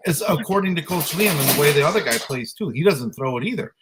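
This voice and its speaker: Animated man ranting about coaching. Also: on the high side, quick pace, heavy background noise. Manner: animated, exasperated ranting with mimicked voices. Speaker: podcast co-host, youth flag football coach. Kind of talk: casual storytelling chat.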